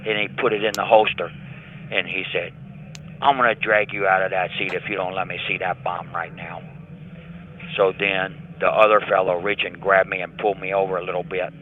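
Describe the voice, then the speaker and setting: Older male inmate storyteller, low-pitched, phone-line audio. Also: flat delivery, fairly quick, slight background noise. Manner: matter-of-fact storyteller, acting out dialogue. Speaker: prison inmate interviewee. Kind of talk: recounting a story over a phone call. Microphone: prison telephone. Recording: tinny prison phone line.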